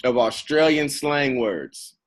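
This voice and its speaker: A man's voice: mid-range voice, expressive, slow pace. A man hosting a podcast over a video call, teasing his guest in playful, profane banter. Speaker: podcast host.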